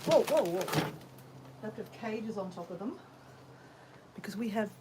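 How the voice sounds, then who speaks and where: A woman's voice: mid-range voice, lively intonation, a little slow, heavy background noise. A woman with an Australian accent, chatting in a rambling way to live viewers while she gardens at home. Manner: chatty, rambling storyteller, greets viewers mid-sentence. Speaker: vlogger.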